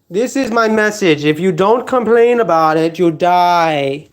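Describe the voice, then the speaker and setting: A man's voice: high-pitched, lively intonation, a little slow. A man hosting a live stream, rambling in a repetitive, emphatic, half-joking rant. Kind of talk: rambling casual monologue.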